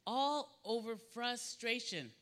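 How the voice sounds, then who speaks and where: A man's voice: extremely high pitch, lively intonation, slow, pushed and bright. A man preaching a sermon, emphatic and repetitive, swinging his voice up and down as he acts out what people say.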